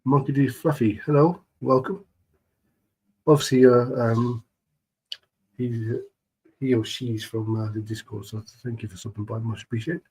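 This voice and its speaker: A man hosting a relaxed live stream, chatting with viewers in a laid-back, friendly way. His voice has a husky, grainy texture at a middling pitch. He keeps his talk fairly hushed. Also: normal speed, long pauses, low-quality recording. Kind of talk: casual live-stream chat.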